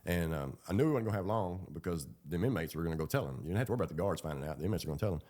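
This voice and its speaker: Low-voiced guy rambling thru a story, casual, lots of ums. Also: animated, rapid-fire, a little mellow. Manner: rambling, colloquial, with fillers and laughs. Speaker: ex-prisoner telling his story.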